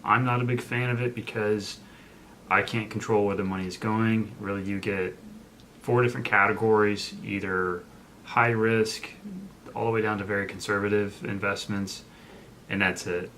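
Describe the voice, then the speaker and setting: A young man with a very deep voice, chatting in a relaxed way about money and dropping the odd joke. A faint hum of background noise runs under his voice. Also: moderate pace. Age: young adult. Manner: laid-back, joking asides. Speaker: co-host. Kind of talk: casual chat.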